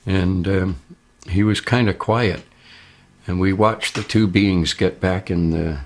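A man giving a plain, rambling first-person account as a witness. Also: deep voice. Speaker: abduction witness.

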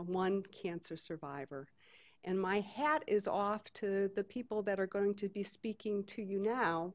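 A woman's voice: mid-range voice, a little mellow. A woman from Detroit moderating a conference panel, talking conversationally with many fillers. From Detroit, USA. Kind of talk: conference talk. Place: conference hall stage.

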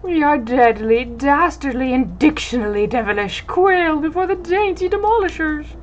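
A woman's voice: sits high, expressive, normal speed, dull audio, voice pushed up. A woman voicing a pompous, foppish male pirate captain in a video game playthrough, gloating in flowery villain speech.

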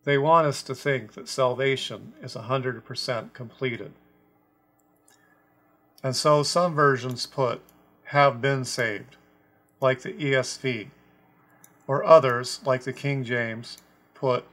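Measured man teaching a scripture lesson. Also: medium pitch, fairly bright tone. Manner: deliberate, measured, stresses quoted words. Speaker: Bible teacher. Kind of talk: scripture lesson explaining a translation.

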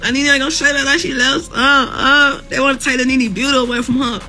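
A woman speaks fast in a high, pushed, bright voice with fairly even intonation, soft music in the background. Streaming from a hospital room in pain and close to tears, she talks bluntly with heavy cursing, laughing through the pain as she reads and answers viewer comments in a casual live chat.

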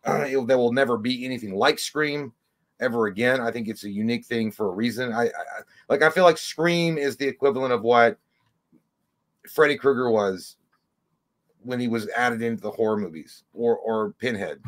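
Guy cohost ranting about stuff, swears a lot, mid pitch, does mocking voices. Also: moderate pace. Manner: profane, animated rants with mocking put-on voices. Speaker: podcast co-host. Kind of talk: casual chat.

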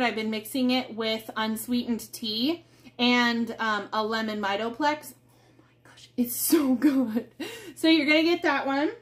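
A woman chatting casually and excitedly while showing off products, bubbly and rambling. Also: high-pitched. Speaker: product seller.

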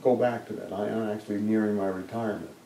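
Older man, low mellow voice, hesitant and soft-spoken, roomy distant recording. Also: steady tone, fast talker, vocal fry. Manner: soft-spoken, hesitant, repeats words when starting. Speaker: interviewee, retiring bassist. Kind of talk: relaxed interview conversation. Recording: roomy sound from a distant mic.

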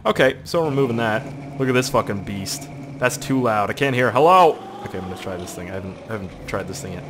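A man's voice: medium pitch, noisy background. A young man from Canada talking casually over a game, rambling and crude, swearing often, with an irritated throat. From Canada, Nova Scotia. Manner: puts on silly voices for quoted people. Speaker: gaming video host. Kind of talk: casual gameplay commentary.

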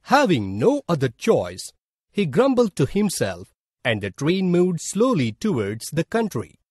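A man with an Indian English accent tells a children's story slowly and expressively. His voice is somewhat husky and fairly high, recorded dry and close. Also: huge pitch swings, darkish tone, no room sound. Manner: slow, deliberate storytelling. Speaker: narrator. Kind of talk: scripted storybook narration for a school lesson.

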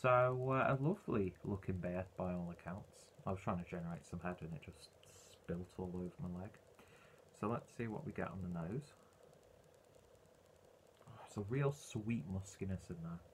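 A man's voice: deep voice, moderate pace, slight background noise. A man reviewing a beer in a casual, rambling way, full of ums and uhs.

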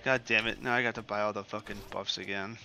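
A man's voice: lowish voice, steady tone, fast, pushed and bright, slight background noise. A young man giving casual, profane commentary over a game he is playing, rambling and ranting as he goes. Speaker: gaming streamer.

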